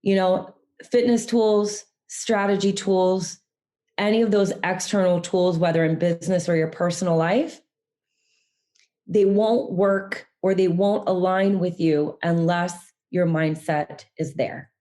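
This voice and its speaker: A woman guest on a video-call interview, telling her story in an earnest, reflective way that sometimes slows right down. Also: on the low side, steady tone, warm tone. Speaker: guest mindset coach.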